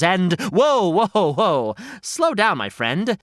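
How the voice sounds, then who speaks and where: A man hosting a children's storytelling podcast, talking in a bright, animated, playfully bewildered way. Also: very high voice, unhurried, clean tone, no room sound, clean studio sound.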